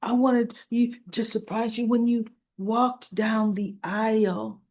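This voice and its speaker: Woman reading a sheepish guy caught lying, slow and defensive. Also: on the high side, flat delivery, a little mellow. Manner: defensive, eager to please. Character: sheepish young man caught in a lie.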